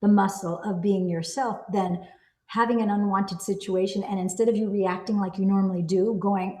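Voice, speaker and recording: A woman talking earnestly about a personal experience, acting out her own inner dialogue with animated bursts. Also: medium pitch, normal speed. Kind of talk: reflective personal talk. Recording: echoey room.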